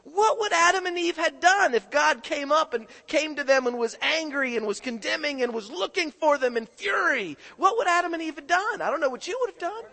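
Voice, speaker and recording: High-voiced preacher quizzing his congregation. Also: animated, brisk, hardly any pauses, sharp tone. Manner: questions the congregation, call-and-response. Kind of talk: sermon. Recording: echoing hall reverb.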